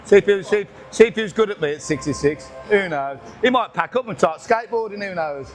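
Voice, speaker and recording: Older guy cracking jokes and swearing mid-workout, fairly high voice, gym music going behind him. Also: animated, fast talker. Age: 60s. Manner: joking, swearing, breathless from lifting. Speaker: gym vlogger. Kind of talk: casual workout commentary. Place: busy gym with music playing.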